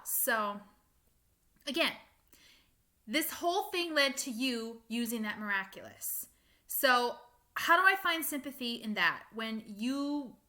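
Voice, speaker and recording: A young woman ranting casually to her viewers, animated and exasperated, with frequent laughs and fillers. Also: a little high. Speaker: fan vlogger. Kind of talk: casual rant to camera.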